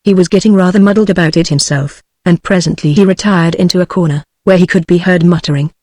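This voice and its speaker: A text-to-speech woman's voice with a British accent, reading a storybook aloud in an even, measured way. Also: on the low side, no room sound. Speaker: audiobook narrator. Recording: dry synthetic voice.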